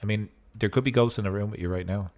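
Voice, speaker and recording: A man with a fairly low voice talks through a strategy game as a streamer. His commentary is casual and loose, drifting into goofy, joking asides between moves. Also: fast talker, darkish tone, slight background noise. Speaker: gaming streamer.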